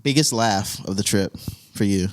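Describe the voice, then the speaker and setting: A man's voice: on the low side, normal speed. A young man hosting a casual chat, telling stories with lots of laughter. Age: young adult. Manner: animated storyteller, laughs often, goes on tangents. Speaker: podcast host.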